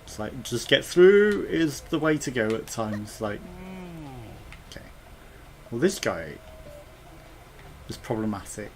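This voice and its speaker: A man's voice: medium pitch, expressive, slow pace, long pauses, darkish tone. A man giving casual gameplay commentary as a let's play gamer, chatty and thinking aloud with muttered asides.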